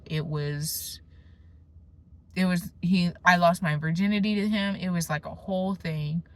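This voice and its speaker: A young adult woman sharing a personal faith testimony in a casual vlog, talking emphatically with slangy asides and restarts, swinging from animated bursts to hushed low moments. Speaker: faith vlogger.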